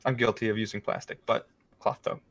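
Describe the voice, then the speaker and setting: A young man co-hosting a casual chat show, answering rapid questions with dry wit and some laughter. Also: lowish voice, little pitch movement, a bit bright. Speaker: podcast co-host.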